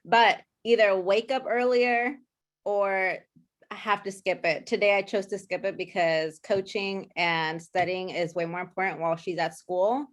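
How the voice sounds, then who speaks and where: A woman's voice: medium pitch, steady tone, measured pace. A woman in her thirties, a participant in a group coaching call, sharing her takeaways in a chatty, candid way, with frequent ums.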